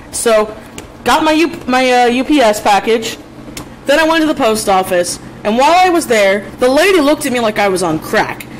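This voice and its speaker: A woman's voice: on the high side, a bit bright, a little hiss or hum, low-quality recording. A woman artist vlogging casually, swearing a lot as she vents, then chatting while she shows her prints. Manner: profane, ranting, then chatty showing prints. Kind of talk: casual vlog.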